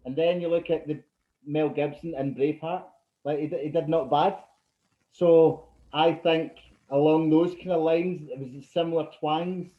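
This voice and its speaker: A man's voice: fairly high pitch, fairly even intonation, moderate pace. A Scottish man hosting a casual interview, chatty and enthusiastic, often laughing. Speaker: podcast host. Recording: roomy, dull-sounding mic.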